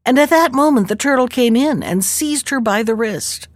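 A woman reading a folk tale aloud as a storyteller, with expressive storybook narration. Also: on the high side, normal speed, hardly any pauses, no echo, clean studio sound.

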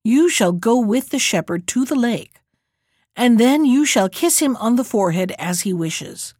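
A woman voicing a calm old emperor steadily reassuring his daughter. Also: a little high, a little slow, no room sound, studio quality.

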